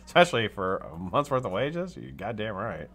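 Lively, bright-voiced American man streaming. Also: lowish voice, normal speed, slight background noise. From United States. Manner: animated, chatty, swears casually. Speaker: livestream host. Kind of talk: casual live-stream chat.

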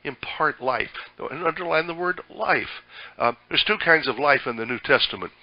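A man's voice: a little high, lively intonation, normal speed, dry recording, lo-fi sound. A pastor preaching a sermon in a folksy, conversational way, often restarting his sentences.

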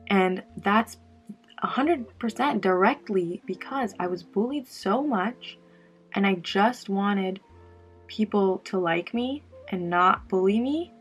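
Young woman, husky voice, candid casual makeup chat, faint music behind. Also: medium pitch, slow. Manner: candid and emotional, talks while doing makeup. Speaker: beauty vlogger. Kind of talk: casual get-ready-with-me chat.

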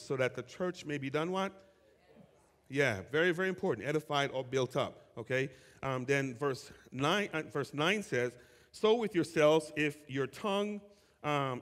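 A male pastor preaching a sermon to his congregation, reading scripture and asking the listeners to call out answers, with casual asides between verses. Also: mid-range voice. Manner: animated preaching with call-and-response questions to the congregation; conversational asides and quick restarts while reading scripture. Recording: long reverb of a church hall.

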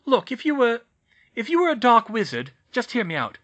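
A man voicing a bossy, clever teenage witch girl in an audiobook reading, insistent and brisk. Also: high-pitched, expressive, sharp tone, pitched above the performer's own voice. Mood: alarmed. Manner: brisk, insistent, rises to shrieks. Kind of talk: audiobook reading of fan fiction.

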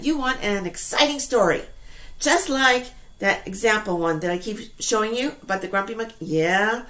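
A woman teacher giving an online class to English learners, speaking slowly and clearly in an encouraging way. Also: on the high side, fairly bright tone. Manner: slow, clearly enunciated, encouraging.

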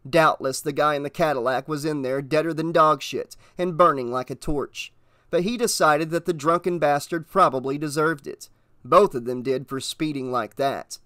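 A man narrating an audiobook in a steady, measured reading voice. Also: a little high, no room sound, studio quality.

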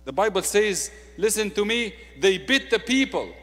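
A man's voice: high voice, very animated, moderate pace. Egyptian-accented male preacher in a reverberant hall. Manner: swings from quiet intimate asides to loud emphatic declarations. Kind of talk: sermon.

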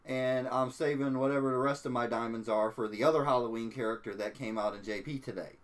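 A man's voice: mid-range voice, steady tone, fast. A man giving easygoing commentary on a game, trailing off with little "so" and "I guess" asides. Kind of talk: casual gaming commentary.

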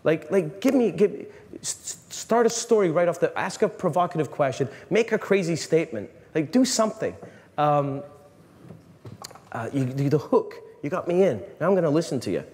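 Animated joking priest in a hall. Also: male voice, a little high, moderate pace. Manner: animated, joking, many restarts. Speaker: priest giving a talk. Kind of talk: lively talk to a live audience. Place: large hall. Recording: long reverb in a hall, faint room noise.

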